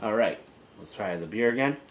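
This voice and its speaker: A man casually reviewing beer and vape juice on his vlog, rambling loosely, swearing freely and often trailing off into quiet mutters. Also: lowish voice, expressive, a little fast, slight background noise.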